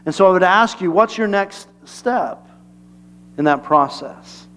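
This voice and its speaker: A male pastor giving a conversational, humorous sermon and asking the congregation questions. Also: high-pitched.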